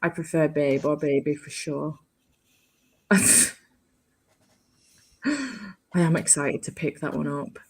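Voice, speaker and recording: Woman book club co-host, deep voice, chatty, swears casually. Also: slow pace, pauses often, a little mellow, slightly rough.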